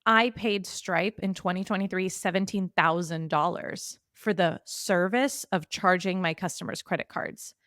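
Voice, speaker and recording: A woman's voice: on the low side, a bit bright, no room sound. Emphatic, dry-sounding woman money coach. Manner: emphatic, quick bursts when quoting others. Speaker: money coach, podcast guest. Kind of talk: casual interview chat.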